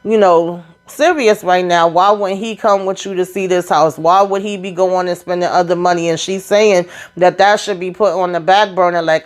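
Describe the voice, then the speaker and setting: A woman hosting a casual reality TV recap, animated and sassy, acting out what the cast members said. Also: on the low side, normal speed, few pauses.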